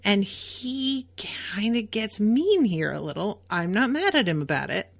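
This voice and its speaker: Slow, chatty woman podcast host. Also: medium pitch, big pitch swings, gravelly. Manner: chatty and emphatic, with frequent fillers and occasional swearing. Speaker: podcast host recapping a TV episode. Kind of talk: casual podcast recap.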